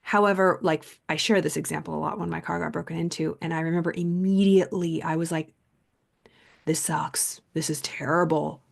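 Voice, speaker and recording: A woman's voice: lowish voice, fairly even intonation, fast, creaky, hardly any pauses. A woman hosting a podcast, telling a personal story in a chatty, rambling way full of "like," earnest and reflective. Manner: rambling, chatty, heavy use of "like". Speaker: podcast host and coach. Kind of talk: casual storytelling monologue.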